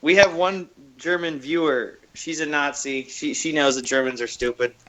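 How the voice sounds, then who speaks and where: A man's voice: a little high, fairly even intonation, moderate pace, fairly bright tone, slight background noise, poor audio. A young man co-hosting a casual podcast chat, brash and full of crude jokes. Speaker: podcast co-host.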